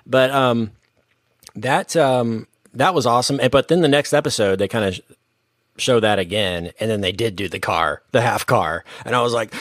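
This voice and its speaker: A man co-hosting a casual podcast chat, talking with excited bursts and plenty of fillers. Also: mid-range voice, moderate pace, no echo. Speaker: podcast co-host. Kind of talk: casual chat about movies.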